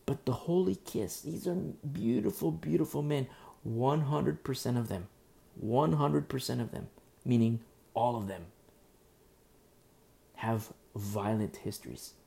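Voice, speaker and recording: A male pastor preaching a sermon in a dark, mellow voice with a gravelly fry. He repeats phrases for emphasis and often stumbles and restarts mid-sentence. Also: mid-range voice, lively intonation, unhurried. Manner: repetitive, emphatic, with frequent restarts.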